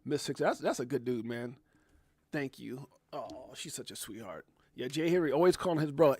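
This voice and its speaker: Animated livestream host, a man. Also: medium pitch, moderate pace, breathy edge. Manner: animated, talks directly to viewers with shout-outs. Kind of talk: casual livestream commentary.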